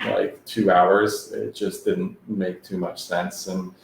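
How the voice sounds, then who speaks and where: A man with a low, creaky voice speaks slowly with little pitch movement. As an interview guest, he tells his story in a laid-back, conversational testimony full of fillers. The room is very echoey, with faint background noise.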